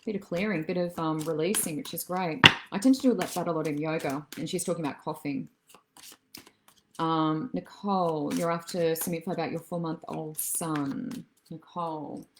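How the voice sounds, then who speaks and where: A woman with a slightly low voice gives psychic readings on a live stream and answers viewers' comments as they come in. She is affectionate and calls people darling and love. She drifts from thought to thought with easy fillers. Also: fairly even intonation, moderate pace, background noise. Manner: chatty and meandering, many soft fillers. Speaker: psychic medium and healer.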